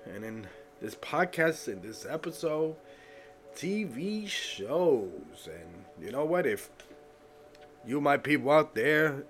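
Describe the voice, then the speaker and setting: A man's voice: medium pitch, lively intonation, a little slow, a bit bright, soft background music. A man hosting his own podcast, talking in a loose, joking way with sudden whoops, a bit stuffy-nosed. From United States. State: stuffy nose. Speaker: podcast host. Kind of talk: solo podcast talk.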